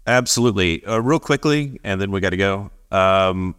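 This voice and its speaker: A man co-hosting a podcast, telling a story in casual chat, animated, acting out the voices of the people he quotes and laughing often. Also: low voice, normal speed, clear, resonant tone. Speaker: podcast co-host.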